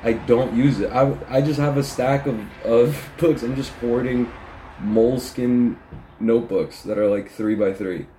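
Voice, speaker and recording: A man's voice: medium pitch, fairly even intonation, measured pace, mellow, slight background noise. A man hosting his own podcast from his messy room, rambling and swearing freely while poking fun at himself, on poor audio. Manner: profane, rambling, self-mocking. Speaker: podcast host. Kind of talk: rambling casual monologue.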